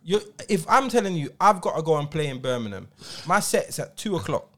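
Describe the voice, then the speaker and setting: Brisk and fairly high-pitched, a man in his forties from England with a London accent co-hosts a podcast and DJs. He's an animated storyteller in easygoing chat, acting out what people said in slang.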